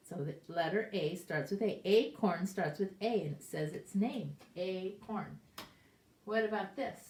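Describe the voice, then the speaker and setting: Slow, patient older woman teaching phonics. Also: medium pitch, a little hiss or hum. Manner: patient, sounding out each word and asking gentle questions. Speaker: preschool teacher. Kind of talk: slow, clear phonics lesson for small children. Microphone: camera set up at a distance. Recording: roomy echo, voice from far off.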